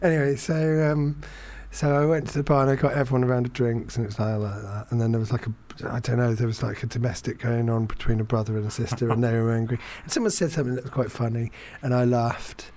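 A man in casual conversation, telling a rambling story about himself. He stumbles over his words, restarts sentences and fills pauses, with a self-deprecating edge and a middle-pitched voice. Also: fairly even intonation, dark tone. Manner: self-deprecating, halting with many fillers and restarts. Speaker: podcast guest storyteller. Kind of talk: casual chat, rambling anecdote.

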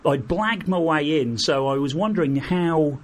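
A middle-aged man, a guest, telling lively anecdotes and acting out the people in them. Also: a little high, a little slow. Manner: animated anecdotes, acts out quoted voices, laughs through. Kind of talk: storytelling in an interview.

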